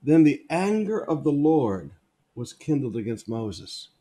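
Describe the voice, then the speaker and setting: A man's voice: medium pitch, sing-song, unhurried, mellow, husky. A man preaching a sermon, repeating key phrases for emphasis as he reads and explains scripture.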